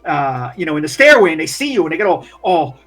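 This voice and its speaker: A man's voice: fairly high pitch, sing-song, fast talker, fairly bright tone, soft background music. A man running a tabletop game as game master, rambling with lots of fillers. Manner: rambling, many fillers, laughs often.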